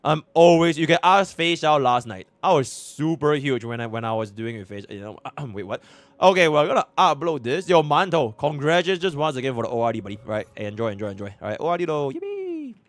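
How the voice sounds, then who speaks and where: This man from Singapore talks fast and hardly pauses, his fairly high voice carrying a Singaporean English accent with no echo. Streaming a game account review, he's excitable and profane, jumping from loud bursts to muttering.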